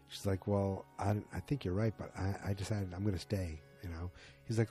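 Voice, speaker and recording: A man with a low, mellow voice walks through a TV episode in a loose, chatty way. He acts out each character's lines in quick shifting voices and pads his talk with fillers. Soft music plays behind him. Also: steady tone. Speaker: show recapper. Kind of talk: casual episode recap.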